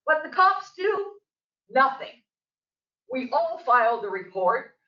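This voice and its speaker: Slow and sing-song, with a high voice, an older local resident tells her story during public comment at a board meeting. She sounds agitated and emphatic, and her voice climbs toward the end. The district office meeting room audio is dull, echoey and distant.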